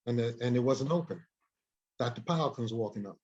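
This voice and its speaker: A man, a guest in an interview, telling a story in an animated way, often repeating and restarting words. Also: mid-range voice, a little fast. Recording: dull lo-fi recording.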